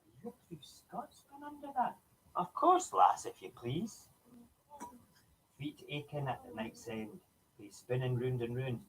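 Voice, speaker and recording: A man's voice: mid-range voice, lively intonation, a little slow, a little hiss or hum, pitched above the performer's own voice, natural voice, rough recording. A man voicing a jolly Scottish man at a ceilidh dance, reciting a rhyming poem in a put-on Scottish accent with a sing-song lilt. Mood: merry.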